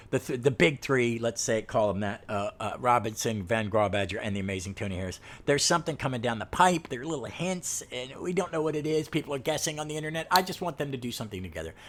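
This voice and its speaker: A man's voice: on the high side, a bit bright. A man hosting a comic book review podcast, talking with eager enthusiasm and pleading with listeners. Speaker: podcast host.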